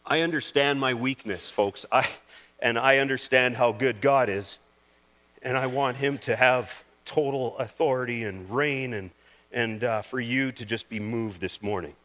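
A man's voice: medium pitch, a bit bright. A male pastor preaching a sermon in a mid-range voice. He reads scripture aloud and talks between the passages, moved close to tears at times, stumbling and restarting his phrases. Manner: emotional, halting, with restarts.

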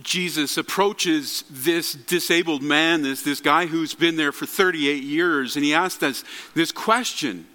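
A man gives a sermon in a high, bright voice, earnestly working through his points and often restarting his phrases. His words ring out with a long reverb, as in a large church sanctuary. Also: lively intonation, a little slow. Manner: earnest preaching with frequent restarts. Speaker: pastor.

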